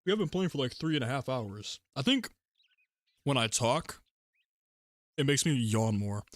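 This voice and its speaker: A young man streaming a game, chatting casually in a rambling, relaxed way and laughing often between thoughts. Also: medium pitch, moderate pace, no echo, clean studio sound. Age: young adult. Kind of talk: casual gaming livestream chat.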